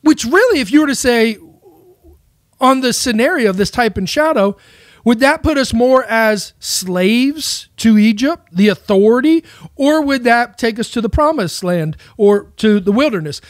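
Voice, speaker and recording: A man's voice: very high-pitched, lively intonation, a little slow, no echo, studio quality. Man rambling with rhetorical questions. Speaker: Christian speaker. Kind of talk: casual monologue on faith.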